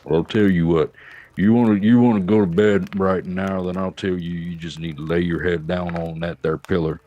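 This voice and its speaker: A man putting on a slow, soothing cowboy drawl with a Texan accent. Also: sits low, steady tone, mellow, dull audio, a little hiss or hum, lightly acted.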